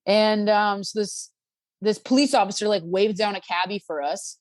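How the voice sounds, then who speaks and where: A woman's voice: medium pitch, normal speed, no echo. A woman telling a travel story in casual podcast chat, acting out quotes with lots of fillers. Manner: animated, acts out quotes with fillers. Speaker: podcast guest.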